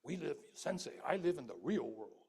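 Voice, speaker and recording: A man's voice: a little high, big pitch swings, normal speed, gravelly, darkish tone, husky, heavily acted. A man voicing a skeptical modern listener who questions the preacher, in a casual, incredulous manner.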